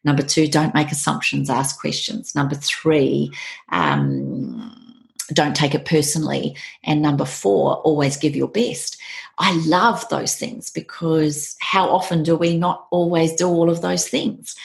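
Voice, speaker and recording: A middle-aged woman speaks in a low voice with a gravelly texture. She is an author being interviewed, talking earnestly and reflectively. She tells her stories in an unhurried, conversational way and keeps coming back to sayings she loves.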